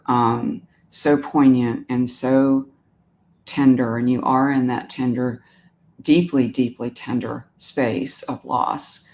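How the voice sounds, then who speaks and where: A woman hosting a live stream as an animal communicator. She talks gently and emotionally about pet loss and answers viewer comments, often pausing and restarting her sentences. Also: a bass voice, fairly even intonation. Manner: warm, emotional, halting with many restarts.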